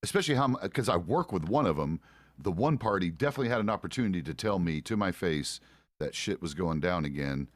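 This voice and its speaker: A man's voice: extremely low pitch, dry recording, studio quality. A middle-aged man streaming a game, chatting casually in a grumpy, swearing, complaining way. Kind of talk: casual live-stream chat while gaming.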